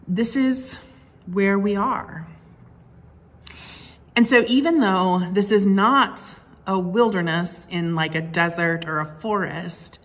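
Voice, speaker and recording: A woman's voice: medium pitch, a bit bright. A woman preaching a sermon in a conversational way, with frequent fillers and restarts. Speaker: pastor.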